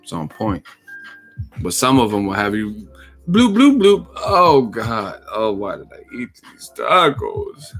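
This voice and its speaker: Laughing, profane boxing streamer. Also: male voice, on the low side, big pitch swings, a little slow, sharp tone, husky, faint music behind. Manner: profane, joking, laughs a lot. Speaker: boxing YouTube host. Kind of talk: casual livestream commentary.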